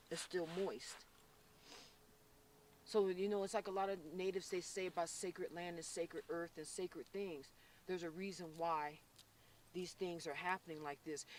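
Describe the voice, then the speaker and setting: A man from Florida working as a psychic medium on an outdoor paranormal investigation, talking intensely and haltingly with many restarts. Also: high voice, recorded from a distance, a little hiss or hum. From Florida, USA. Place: outdoors by a reservoir.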